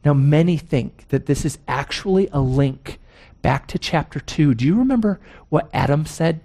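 A man preaching a sermon as pastor, emphatic, posing rhetorical questions and slowing down to stress key words. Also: a little high, lively intonation, mellow.

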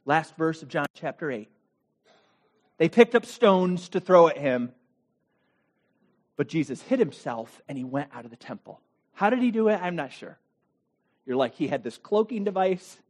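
Guy preaching, dramatic storyteller, asks the crowd questions, gets loud then drops real low. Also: very animated, moderate pace, long pauses. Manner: dramatic storytelling, acting out quotes, rhetorical questions; swings between loud bursts and low quiet asides. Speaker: pastor. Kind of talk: sermon.

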